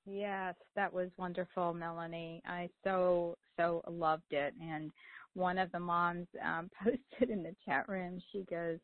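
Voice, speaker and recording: Woman host, rambling storyteller, quick to laugh, lowish pitch, dry phone-quality sound. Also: fairly even intonation, no echo. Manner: chatty storyteller, laughs often. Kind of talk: casual chat. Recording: tinny phone-like call audio, dry.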